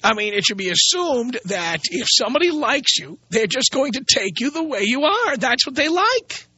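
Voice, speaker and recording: A man's voice: very high-pitched, sing-song, moderate pace, sharp tone, breathy edge, no echo, highs cut off. A man hosting a radio talk show, delivering a blunt, sarcastic, opinionated monologue.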